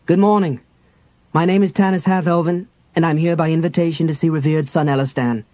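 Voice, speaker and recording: A man's voice: fairly high pitch, fairly even intonation, a little fast, warm tone, dry recording, natural voice. A man playing a brusque half-elf hero. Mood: polite. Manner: brusque, direct. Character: impatient, brusque half-elven male hero.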